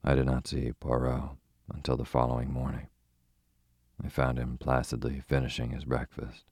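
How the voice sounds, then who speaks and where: A man reading a story as an audiobook narrator, in a measured, even way. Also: rumbling low, husky, no room sound, clean studio sound. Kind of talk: scripted narration.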